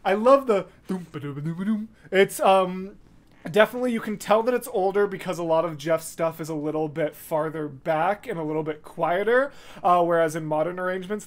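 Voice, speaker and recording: A reaction video host giving casual, excitable commentary, gushing and chatty with fillers, scatting rhythms to make points. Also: medium pitch, brisk. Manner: scats rhythms to illustrate points.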